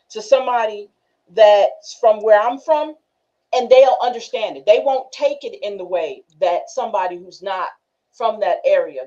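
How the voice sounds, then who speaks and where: A woman's voice: medium pitch, warm tone. A woman hosting a casual group discussion, telling stories animatedly and laughing often. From northern United States. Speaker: class host. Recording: muffled lo-fi recording.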